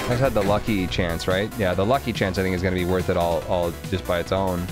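A man's voice: deep voice, fairly even intonation, fast talker. A man streaming a video game, chatting casually with viewers, thanking them and musing aloud over items. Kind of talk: casual live game commentary. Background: game music.

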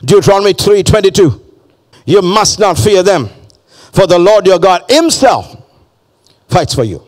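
Pastor guy preaching hard, higher voice, keeps repeating himself and getting folks to talk back. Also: sing-song, measured pace. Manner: fervent preaching, repeats phrases, calls for audience response. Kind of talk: sermon.

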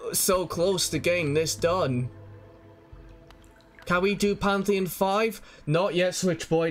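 A young man streaming a game, out of breath, swearing and shouting in triumph, then grumbling through his commentary. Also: on the high side. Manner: swearing, excitable, yells in triumph. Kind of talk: live gameplay commentary.

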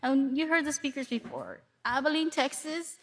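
A woman from Milwaukee giving a sermon to a congregation, telling stories in a lively way and acting out what people say. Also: high-pitched, normal speed. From Milwaukee, Wisconsin. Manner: lively storytelling with acted-out asides. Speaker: congregation speaker.

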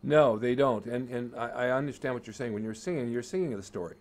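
A man hosting a live chat show, plugging sponsors and agreeing with his guest. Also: mid-range voice. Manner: brisk, agreeable, plugs sponsors. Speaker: host.

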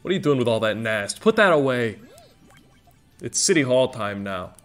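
A gaming streamer with a lowish voice talks a little fast and with lots of energy over faint music. His casual gameplay commentary rambles, pokes fun at himself, and is full of exclamations.

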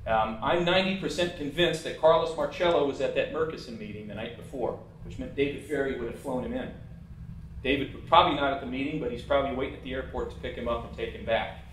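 A man's voice: mid-range voice, slight background noise. A man giving a casual, blunt, opinionated talk as a presenter over a slideshow. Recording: echoey room, mic at a distance.

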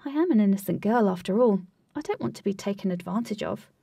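A woman's voice: medium pitch, lively intonation, fast, creaky, dark tone, slightly rough, no room sound, far from the mic. A woman voicing a bold, playful young woman in a storybook reading, speaking upbeat and teasing. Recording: dry, voice set back from mic.

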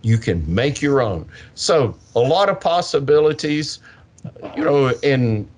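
An older man, a science educator, answering interview questions with lively storytelling and acted-out kids' voices. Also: mid-range voice, unhurried, slight background noise. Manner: animated, acts out kids' voices. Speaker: science educator with a portable planetarium.

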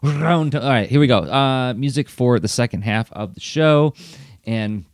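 A man's voice: mid-range voice, moderate pace, no echo, clean studio sound. A man co-hosting a podcast, explaining ideas in an earnest, reflective way. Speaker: podcast co-host. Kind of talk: casual podcast chat.

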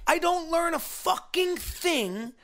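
High, bright-voiced man heckling. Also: animated, slow. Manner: mock-scornful, blunt, rambling heckler. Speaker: podcast co-host. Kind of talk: comedic banter.

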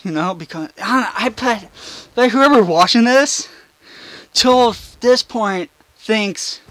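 A man's voice: high-pitched, slow pace, fairly bright tone, dry recording. A young man rambling and swearing through gameplay commentary at home, mocking himself as he goes. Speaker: gaming channel host. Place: room in his house. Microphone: face cam desk mic.

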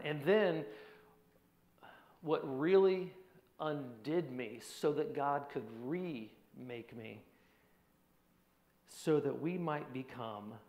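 Earnest preacher man in an echoey hall. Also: on the high side. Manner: earnest, drops to a hushed voice at heavy points. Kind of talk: personal testimony sermon.

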